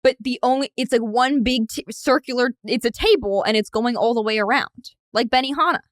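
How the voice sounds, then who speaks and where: A woman's voice: on the high side, brisk, dry recording, studio quality. A young adult woman co-hosting a casual podcast chat, rambling through a made-up story with lots of "like" and restarts. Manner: rambling storytelling, heavy use of "like". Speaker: co-host.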